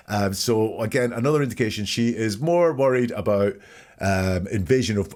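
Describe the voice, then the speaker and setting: A man hosting a podcast, methodically picking apart the wording in another person's statements. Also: medium pitch. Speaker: podcast host. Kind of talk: analytical commentary.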